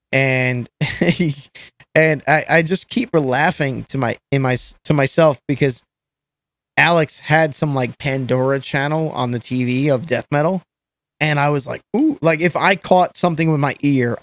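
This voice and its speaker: A man's voice: fairly high pitch, no room sound. A man telling stories as a podcast guest, rambling and swearing with many restarts. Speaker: guest musician. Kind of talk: casual storytelling chat.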